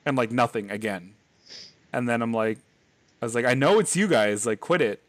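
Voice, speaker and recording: A man's voice: medium pitch, fairly quick, no room sound. A man hosting a podcast, telling a scary childhood story in a rambling, casual way, full of fillers and laughs. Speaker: podcast host.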